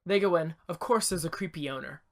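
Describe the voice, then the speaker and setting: A man co-hosting a podcast, retelling a story in casual chat with an animated, rambling delivery full of restarts and asides, recorded in an attic. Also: on the high side, a little fast. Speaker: podcast co-host.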